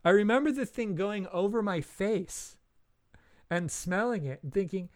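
A man's voice: sits high, expressive, moderate pace, no echo, clean studio sound. A man in his forties rambling through a casual podcast chat and laughing often while he tells stories. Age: 40s. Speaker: podcast co-host.

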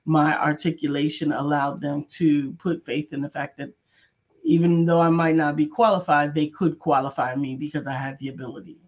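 Female co-host, measured, reflective speaker in a casual chat. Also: low voice, fairly even intonation, darkish tone.

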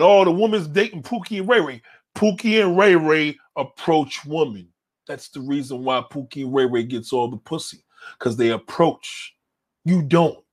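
A man's voice: fairly high pitch, fairly bright tone, breathy edge. A man hosting a show, reading viewer comments and answering them in a blunt, confrontational rant full of swearing. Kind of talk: profane ranting commentary.

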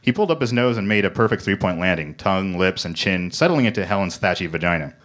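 A man reading comic fiction aloud in a mock-serious deadpan on a comedy club stage. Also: low-pitched, fast. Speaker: comedy reader.

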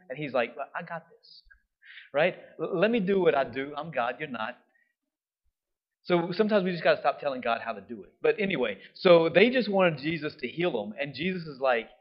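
A male preacher talks through a sermon in a casual, animated way and keeps asking his listeners if they follow. His voice sits a little high. The recording sounds muffled and lo-fi. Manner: animated, conversational, often asks "right?". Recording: dull lo-fi sound.

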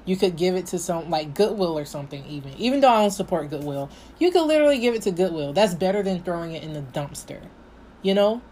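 A young woman telling a casual storytime vlog, animated, acting out what her past self said. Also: on the low side, fast, a little hiss or hum. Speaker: vlogger.

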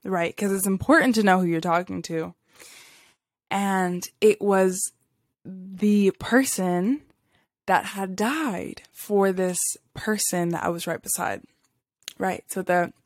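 A woman's voice: medium pitch, dry recording, studio quality. Rambling woman telling a spiritual story. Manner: rambling, many fillers, frequent laughs. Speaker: podcast host. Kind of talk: casual spiritual storytelling monologue.

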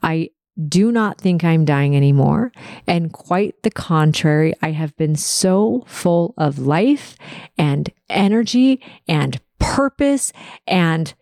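Woman podcaster, kinda gravelly low voice, dry close sound, emotional storytelling. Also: lively intonation, slow pace, darkish tone, no echo. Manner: emotional, tells story with quoted dialogue. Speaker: podcast host. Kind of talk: personal storytelling monologue.

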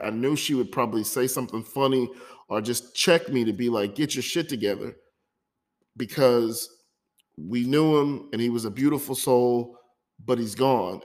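A man hosting his own podcast, talking through a hard week in an emotional personal monologue, often stumbling and repeating words. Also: mid-range voice. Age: adult, divorced. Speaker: podcast host.

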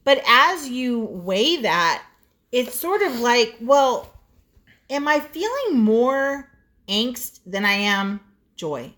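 A woman's voice: a little high, very animated, slow, sharp tone. A woman in her forties co-hosting a casual chat podcast, blunt and profane as she tells stories. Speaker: podcast co-host.

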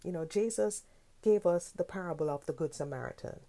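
A woman's voice: on the low side, brisk, warm tone. A woman hosting her own podcast, talking earnestly and with growing passion, asking pointed questions. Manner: earnest, impassioned, rising to indignant questions. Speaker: podcast host. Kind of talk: solo podcast talk.

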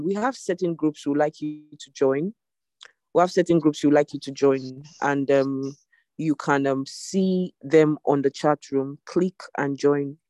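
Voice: mid-range voice, mellow, dry recording. A devotion leader giving an online sermon over a video call, exhorting listeners with emphatic repetition.

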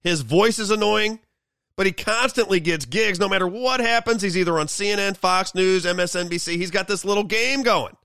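A man's voice: high voice, brisk, pushed and bright, no echo. A male host giving a sarcastic, mocking political commentary monologue.

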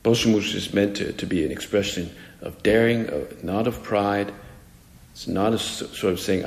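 A man's voice: lowish voice, moderate pace, creaky. A man giving a spoken meditation as a priest, talking in a conversational, musing way with frequent restarts, in an echoey hall with faint music behind.

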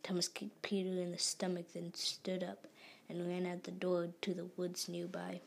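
A woman reading a story aloud in a whispery, gravelly voice, stumbling and restarting now and then. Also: lowish voice, completely flat delivery, normal speed. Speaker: story reader.

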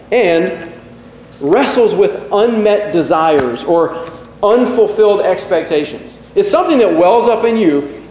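Male pastor in his forties, bright high voice, earnest sermon with self-deprecating stories, echoey hall with long reverb. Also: slight background noise. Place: church hall.

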